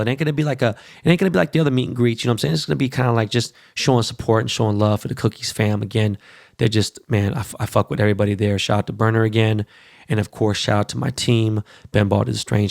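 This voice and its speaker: A podcast host with a creaky, mid-range voice rants casually about basketball, cursing and getting animated, and plugs some events along the way. The recording is dry and clean, with studio quality.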